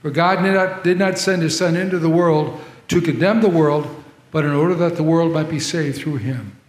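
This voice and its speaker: A pastor delivers a sermon at normal speed in a big church sanctuary, speaking conversationally and turning to the congregation with asides. He has a fairly high-pitched voice. His handheld or body mic gives trouble, and the hall echoes with long reverb.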